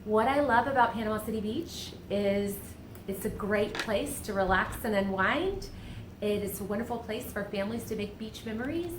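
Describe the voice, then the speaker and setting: Woman, real estate broker, upbeat, polished pitch, roomy echo, noisy background. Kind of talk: promotional self-introduction. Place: beachfront condo. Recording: echoey room with background noise.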